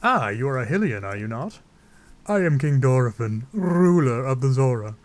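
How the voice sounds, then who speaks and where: A man's voice: medium pitch, sing-song, normal speed, natural voice. King Dorephan, a man doing a stately fish-king. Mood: regal. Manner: formal, stately old-fashioned speech. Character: huge, booming old fish-king, courteous and regal.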